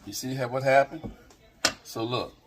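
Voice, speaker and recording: A man's voice: mid-range voice, fairly even intonation, normal speed, a crowd in the background. A man in his home kitchen, talking casually to a camera on a tripod as he shows his cooking steps, rambling and checking in with viewers. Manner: rambling, talks straight to viewers, lots of okays. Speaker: home cook filming a cooking video.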